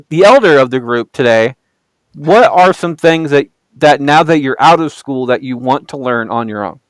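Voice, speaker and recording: A man's voice: on the high side, smooth, no echo. A man hosting a podcast in casual chat from a home basement, blunt and swearing casually. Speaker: podcast host.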